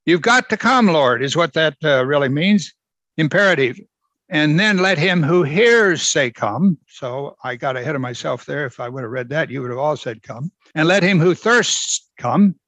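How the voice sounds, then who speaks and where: A man's voice: on the high side, animated, normal speed, fairly bright tone, dry recording. A man preaching a verse-by-verse sermon, emphatic and repeating phrases for stress. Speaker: pastor. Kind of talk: expository sermon.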